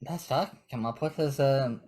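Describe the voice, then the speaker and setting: A man's voice: mid-range voice, a little mellow, lightly acted. A man doing a hesitant Southern-drawling woman. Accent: Southern US drawl, slipped into. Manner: hesitant, halting. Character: flustered young woman, scheming a trap.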